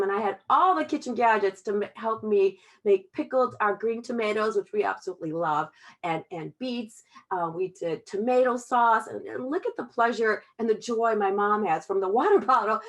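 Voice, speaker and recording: A middle-aged woman giving a heartfelt motivational sales talk over a video call, chatty and often checking in with "okay?". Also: fairly high pitch. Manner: chatty, tags sentences with "okay?" and "all right?"; heartfelt, gets emotional at times. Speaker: Tupperware sales consultant presenting to a team.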